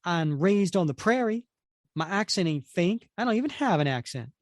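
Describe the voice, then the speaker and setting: A man's voice: high-pitched, lively intonation, normal speed, no room sound, studio quality, pitched above the performer's own voice. A man voicing a young male hero who puts on a folksy prairie cowboy drawl.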